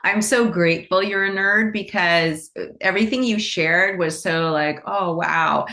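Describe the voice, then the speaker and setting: A woman's voice: mid-range voice, a little slow, sharp tone. A woman co-hosting an online event over a video call, effusive and laughing as she thanks everyone. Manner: effusive, laughing, playfully self-mocking. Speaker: nonprofit co-founder and event host. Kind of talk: online event closing remarks.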